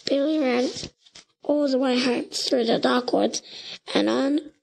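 A woman reading a children's storybook aloud, slow and deliberate, with occasional slips. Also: sits high, gravelly, a little mellow, poor audio.

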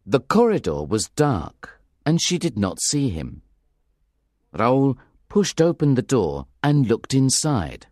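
A man narrating a graded-reader storybook with clear, careful delivery. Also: mid-range voice, very animated, slow, a little mellow, no room sound, studio quality. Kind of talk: audiobook reading of a graded reader.

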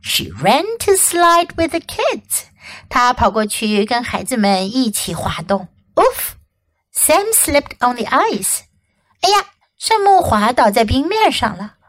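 A woman English teacher reading a children's story aloud in an expressive, clearly enunciated voice. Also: a little high, unhurried.

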